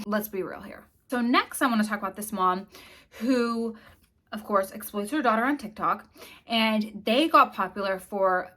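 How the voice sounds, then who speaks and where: A woman hosts her own commentary channel, speaking straight to camera in a casual, blunt way. She sounds openly disgusted and presses her points with emphasis. Her voice sits at an ordinary middle pitch. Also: moderate pace, pushed and bright. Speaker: commentary vlogger host.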